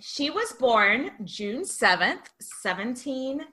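A woman's voice: fairly high pitch, big pitch swings, slow, sharp tone. A woman co-hosting a podcast, chatting casually and laughing often. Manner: chatty and giggly. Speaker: podcast co-host. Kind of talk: casual chat.

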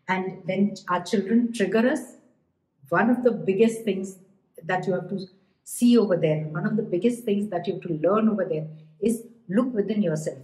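A woman co-hosting a podcast in casual chat, animated and lively, often acting out the voices of parents. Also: mid-range voice, moderate pace. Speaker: podcast co-host. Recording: echoey room.

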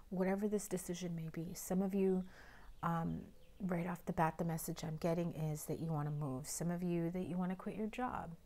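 A hoarse woman recovering from illness, giving a casual tarot reading. She talks in a chatty way, often drops to a breathy half-whisper, and keeps clearing her throat. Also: on the low side, warm tone. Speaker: tarot reader.

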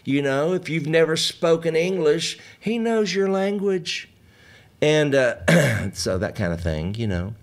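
Folksy older man, slow talker. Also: a little high, big pitch swings. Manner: folksy, joking, chatting with viewers' comments. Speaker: host of a live stream. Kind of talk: casual live-stream chat and hymn singing.

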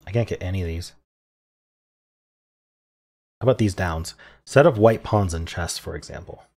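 A man solving a crossword out loud, muttering clues and thinking aloud in an unsure, self-questioning way. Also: low-pitched, moderate pace. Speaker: puzzle-solving video creator.

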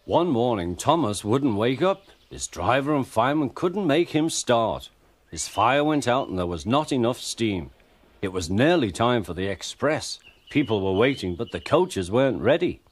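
A man narrating a children's story in a gentle, expressive way. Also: mid-range voice, moderate pace, no room sound.

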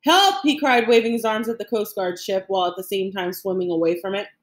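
A woman narrates a novel in a measured, expressive reading voice. Her pitch sits in a comfortable middle range. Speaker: audiobook narrator. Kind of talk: scripted narration.

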